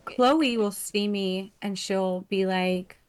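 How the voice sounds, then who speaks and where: A middle-aged woman co-hosting a podcast, telling stories in a chatty, warm way with fillers. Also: medium pitch, fairly even intonation, slow pace, clean tone. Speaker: podcast co-host. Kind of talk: casual podcast chat.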